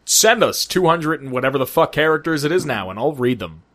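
A man co-hosting a casual podcast, his voice sitting a little high and swinging widely in pitch. He retells game scenes with swearing, laughs and quick asides. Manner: animated, swearing, laughing storyteller. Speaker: podcast co-host. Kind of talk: casual gaming podcast chat.

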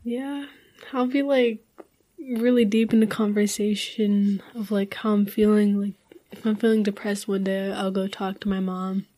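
A woman's voice: mid-range voice, little pitch movement, normal speed, dark tone. A young woman in a casual group conversation, telling personal stories in a rambling way with many fillers. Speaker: group chat participant.

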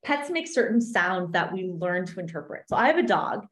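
Animated woman coach, roomy sound. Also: lowish voice, moderate pace. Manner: animated, acts out little voices in examples. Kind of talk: explaining an exercise in a podcast chat. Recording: roomy echo.

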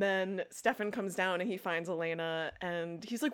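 A young adult woman co-hosting a podcast, recapping a show episode in casual chat, animated and laughing as she acts out quoted lines. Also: medium pitch, moderate pace, few pauses, clean tone. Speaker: podcast co-host.

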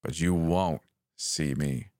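A man voicing a creature calling over the radio, pleading at first and then taunting and menacing, with a raspy edge. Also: extremely low pitch, fairly even intonation, slow, warm tone, no echo, studio quality.

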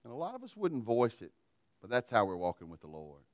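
A man's voice: medium pitch, huge pitch swings, fairly quick, dry recording, clean studio sound. A man preaching a sermon in a folksy, humorous storytelling way. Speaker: pastor.

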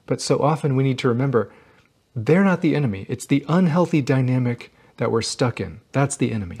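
Male host, relationship advice monologue, earnest and emphatic, mid pitch. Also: darkish tone. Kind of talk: direct-to-camera advice talk.

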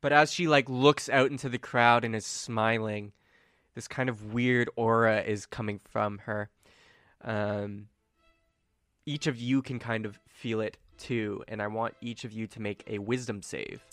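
Man running a tabletop game, casual narration, bright voice, dry close mic. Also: fairly low pitch, steady tone, measured pace, no echo. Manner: casual, chatty narration with fillers. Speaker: game master.

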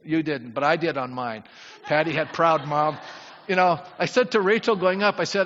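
A middle-aged man preaching a sermon as a pastor, animated and at times near shouting. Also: fairly high pitch, normal speed, slight background noise. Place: church sanctuary. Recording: muffled church recording with long reverb.

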